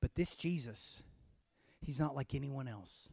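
A man preaching a sermon in church, calling on the congregation to shout and swinging from hushed lines to loud ones. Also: medium pitch, a little slow, gravelly, husky, dry recording. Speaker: pastor.

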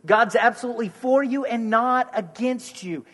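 A man with a notably high voice answers questions from the pulpit. He reassures his listeners, circling back to the same phrases. A long hall reverb hangs on the sound. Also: normal speed. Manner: warm, reassuring, repeats key phrases. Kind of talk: conversational preaching.

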